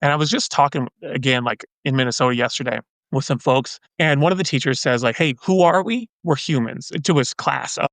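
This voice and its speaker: A man's voice: medium pitch, fairly quick, hardly any pauses, fairly bright tone, no room sound. Earnest man talking loosely. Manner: earnest, loose, many fillers and restarts. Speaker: guest. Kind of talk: casual podcast conversation.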